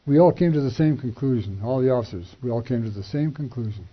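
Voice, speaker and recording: An older man telling a personal testimony, acting out the dialogue with animated shifts in voice and chuckling between lines. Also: medium pitch, fast. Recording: dull lo-fi recording.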